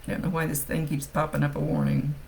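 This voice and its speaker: A woman's voice: low-pitched, little pitch movement, fast talker, vocal fry, a little mellow, a little hiss or hum, poor audio. A woman working as a psychic medium, giving a casual live-streamed reading. She talks bluntly, thinks aloud and swears freely.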